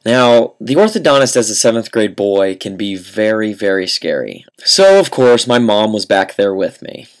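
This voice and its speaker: A young man telling a comic story to camera, deadpan and mock-earnest, with dramatic pauses. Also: fairly low pitch. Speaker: vlogger.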